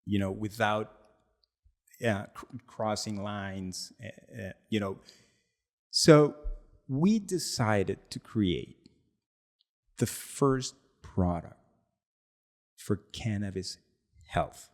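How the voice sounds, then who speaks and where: A man's voice: on the low side, extremely slow, pauses often. A man co-hosting a podcast, telling a story casually with laughter and acted-out quotes. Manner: animated, laughing, acts out quotes. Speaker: podcast co-host and product founder.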